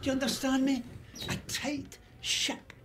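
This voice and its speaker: An actor playing a furious, bullying Scottish oil rig boss in a video game, harsh, barking and foul-mouthed. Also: male voice, extremely high pitch, a little slow, fairly bright tone, slight background noise. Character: furious middle-aged male rig boss, bullying tyrant.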